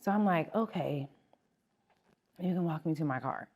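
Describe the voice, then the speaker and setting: Woman, middle-aged, podcast host; low voice, candid personal storytelling. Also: normal speed. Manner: candid, animated, laughing through an awkward story.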